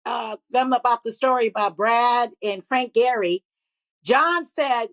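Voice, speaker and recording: A middle-aged woman and comedian, swearing freely as she tells animated stories as a guest in a podcast interview. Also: on the high side, unhurried.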